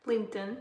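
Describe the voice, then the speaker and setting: A young adult woman hosting a casual live stream, chatting with viewers, answering their comments and laughing often. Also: darkish tone. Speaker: livestream host. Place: room at home, bedtime routine. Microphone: phone livestream. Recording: echoey room.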